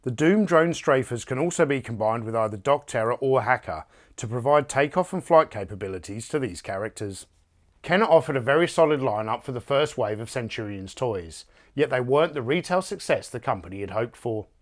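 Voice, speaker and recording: A man reading a scripted toy review narration in an even, polished way. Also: medium pitch, fairly quick.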